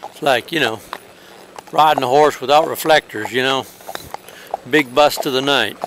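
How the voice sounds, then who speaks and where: A man's voice: mid-range voice, normal speed, a bit bright, a little hiss or hum. A man traveling on horseback, talking outdoors in a rambling, hesitant, wry way for his travel diary. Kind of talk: casual spoken travel diary.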